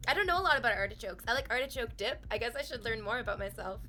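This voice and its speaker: Bright-voiced candid woman streamer. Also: a little high, lively intonation, very fast. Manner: candid, emotional, laughs loudly, swears freely. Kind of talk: casual chat with stream chat.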